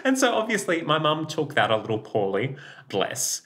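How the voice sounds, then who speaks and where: An Australian man talking as a guest in a relaxed interview, his voice bright and forceful. He tells stories in an animated way, swears freely, and acts out what other people said. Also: on the high side, moderate pace. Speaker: children's author, guest. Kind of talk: casual interview storytelling.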